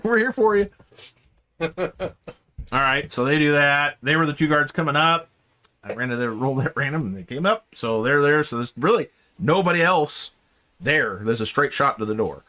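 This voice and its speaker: High-voiced man running a tabletop game. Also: bright, forceful tone. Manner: rambling, filler-heavy narration with quick character voices. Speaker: game master.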